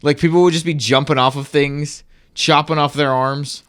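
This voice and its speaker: A man's voice: fairly high pitch, fairly even intonation, no echo, clean studio sound. A man from Nashville co-hosting a podcast, explaining things eagerly in casual chat. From Nashville, USA. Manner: enthusiastic explainer, quick restarts. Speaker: podcast co-host.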